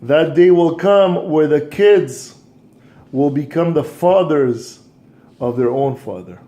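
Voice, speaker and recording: A man teaching a scripture lesson, telling a moral story in an animated way with frequent restarts. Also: on the high side, slow. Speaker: religious teacher and coach.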